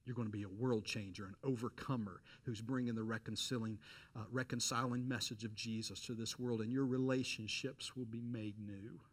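A middle-aged man preaching a sermon, telling a personal story with lively quoted voices and direct appeals to listeners. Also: mid-range voice, a little fast. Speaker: pastor.

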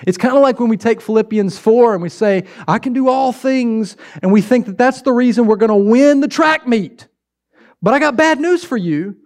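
A man's voice: extremely high pitch, lively intonation, a little fast, darkish tone. A pastor preaching a sermon, exhorting with repeated emphatic phrases and shifting his pace for effect.

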